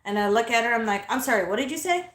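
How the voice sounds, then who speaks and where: A woman's voice: a little high, expressive, fast, a bit bright, reverberant. A young adult woman hosting a casual vlog, telling a story in a blunt, profane, indignant way. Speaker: host. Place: inside a car.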